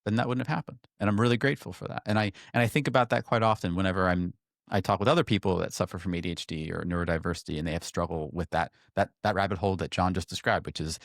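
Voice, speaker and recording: A man in his thirties, co-hosting a podcast, telling a personal story in a lively way and acting out the voices of the people in it. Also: fast, creaky, no room sound, clean studio sound. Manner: animated, acts out quoted voices in a higher pitch. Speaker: podcast co-host. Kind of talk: casual storytelling chat.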